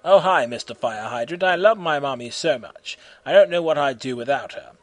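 A man's voice: mid-range voice, lively intonation, moderate pace, no echo, faint music behind, close to an everyday voice. A man voicing Super Grover, an eager, bumbling blue furry monster superhero. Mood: earnest.

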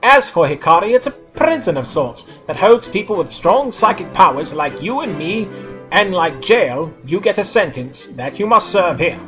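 A man voicing a gruff, streetwise man of about forty who talks in a blunt, wisecracking way. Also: high voice, big pitch swings, moderate pace, fairly bright tone. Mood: matter-of-fact. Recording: dull lo-fi podcast audio with faint music.

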